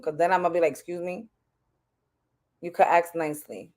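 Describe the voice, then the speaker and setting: A woman's voice: lowish voice, steady tone, moderate pace, darkish tone. A woman co-hosting a podcast in casual chat, defensive and emphatic as she makes her point. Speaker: podcast co-host.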